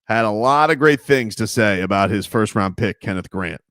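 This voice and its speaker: Man, sports radio co-host, casual banter, lowish voice, dry close mic. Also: animated, fairly bright tone, no room sound. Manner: jokey, riffing, quick asides.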